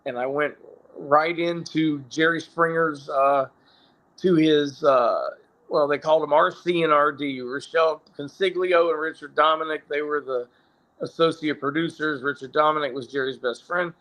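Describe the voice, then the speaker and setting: A fairly high-pitched, fairly bright voice with fairly even intonation belongs to a middle-aged former pro wrestler telling stories at normal speed. The telling is loose and rambling, peppered with swearing and constant self-correction.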